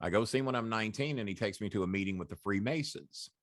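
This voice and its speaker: A man's voice: lowish voice, quick pace, dry recording, clean studio sound. A middle-aged man from the southern United States, a guest telling his stories in casual talk: blunt, profane, laughing through his tales. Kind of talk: casual storytelling. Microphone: podcast call.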